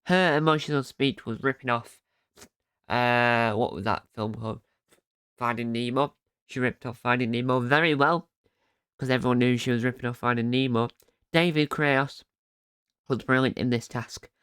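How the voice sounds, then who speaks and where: A man talks through an episode recap on his own podcast in a loose, rambling way. He keeps stopping to fix his own sentences. His voice is smooth and clear, pitched at a middle level. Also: moderate pace, a bit bright, dry recording, studio quality. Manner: rambling, often correcting himself mid-sentence. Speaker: podcast host. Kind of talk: casual solo episode recap.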